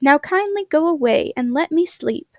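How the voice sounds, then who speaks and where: A woman's voice: sits high, expressive, normal speed, dry recording, studio quality, pitched above the performer's own voice. Woman reader as a cranky deaf old owl, scratchy and curt. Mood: grumpy. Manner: gruff and impatient.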